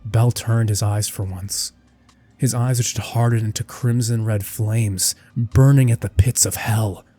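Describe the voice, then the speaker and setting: A man's voice: on the low side, steady tone, unhurried, mellow. A man narrating a dramatic anime fan-fiction story with intense storytelling that rises and falls with the action.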